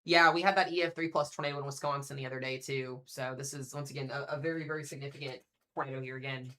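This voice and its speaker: A young severe weather streamer delivers live commentary at a quick pace, his mid-range voice steady and sharp. He keeps it casual, thinking aloud as he reads the radar and speaks to viewers.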